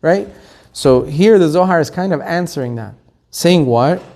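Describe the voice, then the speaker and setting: A man, a rabbi, teaching a Torah class, telling the story with lively, acted-out quotes. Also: a little high, normal speed. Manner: animated storytelling, acting out quotes.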